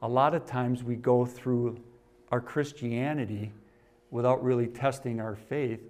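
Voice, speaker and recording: A middle-aged man preaching a sermon. He reads a story aloud, rises in volume for scripture, and drops low for asides. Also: steady tone, measured pace. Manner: varies loudness a lot, rising for scripture and dropping for asides. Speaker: pastor.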